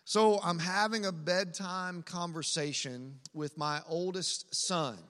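Man, pastor, sermon, bright forceful voice, slightly high, conversational storytelling, long church reverb. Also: takes it slowly.

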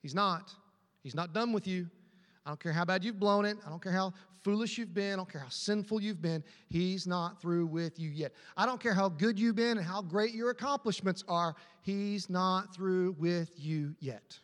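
A male pastor with a voice that sits high and a fairly bright tone preaches at a moderate pace in a large church auditorium. His sermon is emphatic and repetitive, with call-and-response questions asking the congregation to answer back.

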